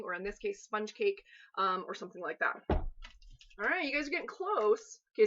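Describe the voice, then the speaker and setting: Woman rambling through a live baking stream, kinda husky, jokey asides, dull lo-fi audio. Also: medium pitch, a bit bright. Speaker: host of a live cooking stream. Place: home kitchen in Canada.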